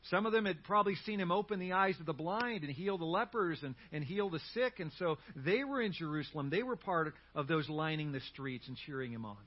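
A man preaching a sermon as pastor, telling a story in an animated way with humorous asides. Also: a little high, fairly quick, few pauses, dull audio.

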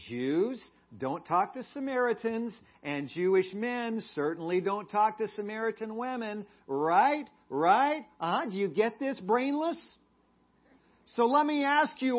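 A man's voice: very high voice, expressive, unhurried, muffled recording, pitched above the performer's own voice, heavily acted. A pastor putting on the voice of a snarky, sarcastic Samaritan woman, mocking and exaggerated.

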